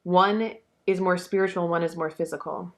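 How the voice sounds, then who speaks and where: A woman's voice: on the low side, fairly even intonation, moderate pace. A young woman giving a casual, emotional tarot reading, talking freely with lots of fillers and swearing. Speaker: tarot reader.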